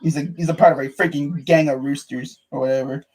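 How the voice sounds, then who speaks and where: A man's voice: on the high side, quick pace, husky. A young man vlogging as a sports fan, ranting casually and swearing a lot. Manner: animated, ranting, swears and says bruh a lot.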